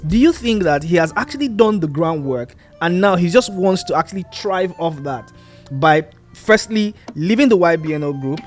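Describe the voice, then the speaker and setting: A young Nigerian man co-hosting a casual discussion, lively and probing, asking long questions. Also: high voice, moderate pace, soft background music. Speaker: podcast co-host.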